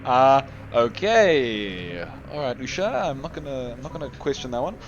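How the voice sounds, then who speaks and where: A man's voice: mid-range voice, expressive, fast, highs cut off, a little hiss or hum. A man giving live commentary on a game tournament, reading chat aloud and joking with viewers, laughing often. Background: faint game music.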